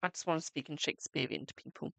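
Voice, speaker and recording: Man, British accent, tarot reader on a live stream, gravelly voice, dry close sound. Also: on the high side, rapid-fire, a bit bright, no echo. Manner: chatty, calls viewers "my darling". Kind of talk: live-stream card reading chat.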